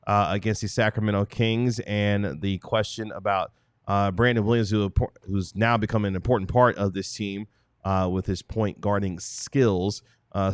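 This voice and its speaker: Podcast host guy, lowish voice, laid back, lots of uhs, dry sound. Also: smooth, no echo. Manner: easygoing, introduces guests and poses questions with many fillers. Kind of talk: casual podcast chat.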